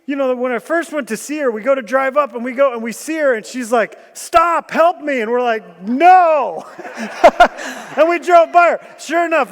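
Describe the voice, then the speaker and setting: A man preaching a sermon, animated and joking, asking the room questions and bursting into loud emphasis. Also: very high-pitched. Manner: animated storytelling with jokes and rhetorical questions. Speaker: guest preacher. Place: church hall. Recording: long church hall reverb.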